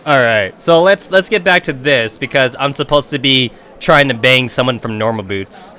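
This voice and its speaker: A man's voice: medium pitch, normal speed, bright, forceful tone. A young adult man streaming a game and telling a rambling, profane story in a casual way.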